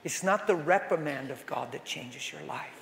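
A middle-aged man gives a storytelling sermon at a conference, talking like a friend and swinging between hushed moments and loud bursts. His voice sits a little high for a man. The sound rings around a large hall with a long, roomy reverb. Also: lively intonation, normal speed, vocal fry, a little hiss or hum. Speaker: conference speaker.

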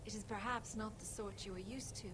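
A woman's voice: medium pitch, fairly even intonation, fairly quick, close to an everyday voice. A woman voicing a solemn, ageless female fae guide in a video game, speaking in formal, archaic phrasing. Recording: game audio with clear background noise.

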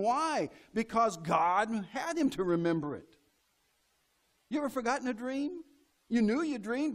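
A middle-aged man preaching a sermon in a church, folksy and acting out the voices he quotes. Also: high-pitched. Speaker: pastor.

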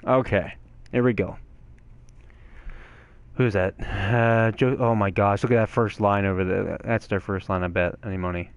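A young man giving excitable gameplay commentary, swearing and yelling at the game. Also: fairly low pitch, normal speed, pauses often, clear, resonant tone, dry recording, dull audio. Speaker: gaming channel host.

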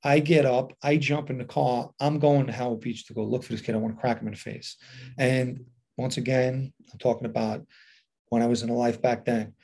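A middle-aged man tells a story from his past in a loose, casual monologue. He switches into the voices of the people he quotes, so his delivery keeps shifting in speed and loudness. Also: medium pitch, a little fast, gravelly, slight background noise. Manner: animated retelling with quoted dialogue. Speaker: podcast host telling a personal story.

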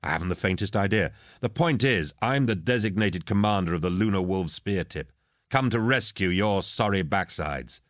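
A man's voice: sits low, expressive, moderate pace, dry recording, clean studio sound. A man voicing a brash, mocking warrior captain who barks orders and taunts a rival. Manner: cocky, sarcastic, commanding.

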